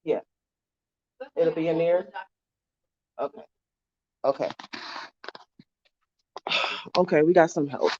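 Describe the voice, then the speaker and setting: A woman's voice: sits low, takes it slowly, pauses often, dark tone, highs cut off, slight background noise. A woman talking live to her viewers through a phone, heated, profane and repetitive. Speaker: livestreamer. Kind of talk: live-streamed rant to viewers.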